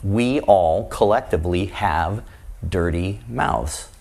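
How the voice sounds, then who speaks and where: Guy giving a sermon, kinda low voice, chatty, keeps asking "right?". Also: slow pace, creaky. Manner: conversational, asks the congregation rhetorical questions; acts out quoted voices with shifts in pitch and loudness. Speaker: preacher.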